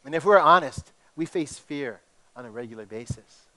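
A middle-aged male pastor from Hawaii with a slight tinge, preaching in an animated, conversational way with many restarts. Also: a little high, moderate pace. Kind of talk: sermon.

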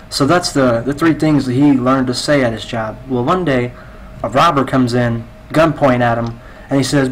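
A man's voice: medium pitch, normal speed, hardly any pauses, rough recording. A man chatting with a friend during a game, telling a long shaggy-dog joke at an easy pace. He keeps quoting the characters with "he's like". A faint hiss sits under his voice. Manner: loose storytelling, many "he's like" quotes. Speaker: gamer telling jokes. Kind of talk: casual chat telling a joke.

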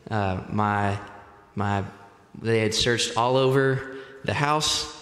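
Slow, deliberate male preacher in an echoey church. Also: fairly low pitch, a bit bright. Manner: measured, deliberate delivery that speeds up for personal stories. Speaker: pastor. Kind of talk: sermon. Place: church sanctuary.

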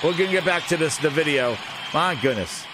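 A man hosting a live gaming reaction stream, loud, excitable and profane. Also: fairly high pitch, fairly quick, background noise. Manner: loud, excitable, profane, laughs at his own jokes. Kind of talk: casual live reaction commentary.

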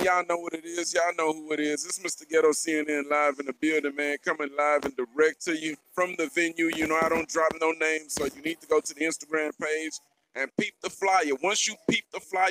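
A man's voice: fairly high pitch, level tone, fairly quick, noisy background. A man hosting a radio interview at a music festival venue, hyped and slangy, repeating himself. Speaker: radio show host. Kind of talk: hype interview intro.

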